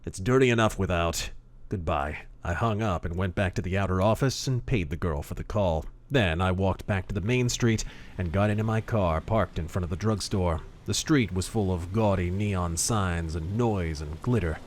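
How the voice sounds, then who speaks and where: Deep-voiced gruff male audiobook narrator. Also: moderate pace. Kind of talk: hard-boiled first-person audiobook narration.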